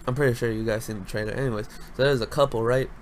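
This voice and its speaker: A young man hosting a casual solo podcast, talking loudly with lots of slang and swearing, jumping between high-pitched bursts and low mutters. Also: very fast, slight background noise. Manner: loud, animated, slangy, swears freely. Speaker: podcast host.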